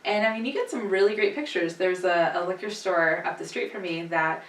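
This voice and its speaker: A woman's voice: fairly low pitch, brisk, distant mic. A woman telling stories and giving tips in a casual chat. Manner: chatty, storytelling, light laughter. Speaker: guest. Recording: echoey room, voice from the mic.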